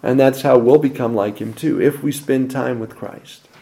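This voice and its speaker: In a gravelly, medium-pitched voice at a moderate pace, a man preaches as pastor. He poses rhetorical questions and swings between loud emphasis and quiet asides.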